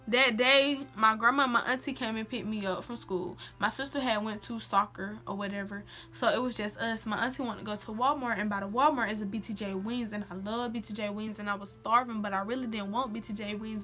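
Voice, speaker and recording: A young woman telling a personal story in a casual, slangy vlog, acting out quotes. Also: on the high side. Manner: animated, slangy, acts out quotes. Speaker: vlogger.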